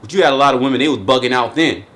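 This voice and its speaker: A man's voice: medium pitch, very fast, fairly bright tone. A man hosting a casual religious commentary chat, talking emphatically and profanely with lots of restarts. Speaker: host.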